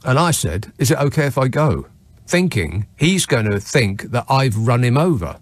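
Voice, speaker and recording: A man's voice: mid-range voice, sing-song, normal speed, dry recording. A man hosting a late-night radio phone-in, telling a story in a wry, sardonic, self-mocking way. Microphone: studio microphone.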